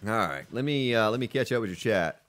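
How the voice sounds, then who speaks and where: A male streamer with a deep voice talks casually over his gameplay, reading chat messages and greeting viewers. His pitch rises and falls freely as he chats, animated and conversational. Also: fairly quick. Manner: chatty, reads chat aloud, greets viewers. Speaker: game streamer. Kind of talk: casual live-stream commentary.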